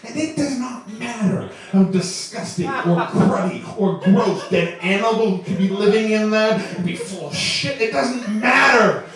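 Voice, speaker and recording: A man in his twenties, his voice high and unhurried with hardly any pauses, does a stand-up set on a comedy club stage and chuckles through his own jokes. The distant mic picks up an echoey room and an audience in the background.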